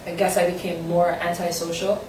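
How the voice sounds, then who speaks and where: A young Saint-Martin woman speaks at a moderate pace in a fairly low voice with little pitch movement, sitting far from the mic amid background noise. It's a personal vlog chat, candid and rambling with a self-conscious edge, in a roomy, echoey room with faint ambience.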